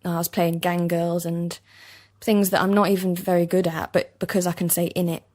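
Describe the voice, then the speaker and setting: A young woman with a soft East London accent, an actor chatting in an interview, laughing easily and self-deprecating. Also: fairly low pitch, level tone, normal speed. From East London, England. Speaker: actor guest. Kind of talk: casual interview chat. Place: basement recording studio.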